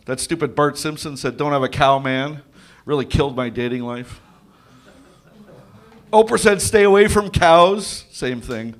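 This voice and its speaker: A man on a comedy club stage, talking slowly and rambling through a self-deprecating set. His voice sits high for a man and swings widely in pitch. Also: creaky, a bit bright. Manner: slow, rambling, self-deprecating delivery in a cow costume. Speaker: stand-up comic. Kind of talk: stand-up set at an open mic.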